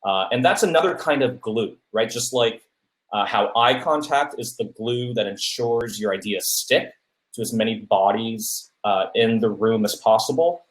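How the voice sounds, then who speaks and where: A man's voice: fairly low pitch, normal speed. Man giving speaking tips in a roomy echo. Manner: many fillers and restarts, asks "right?" often. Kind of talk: casual advice talk.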